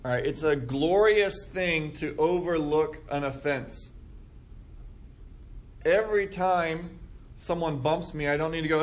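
A man's voice: fairly high pitch, unhurried. Man leading a casual Bible study. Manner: conversational, acts out quoted remarks.

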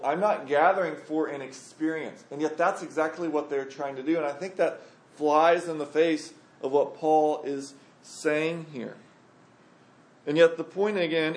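Bible study teacher, man, slightly high voice, echoey room, talks with a group. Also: darkish tone. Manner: conversational, emphatic, asks the group questions.

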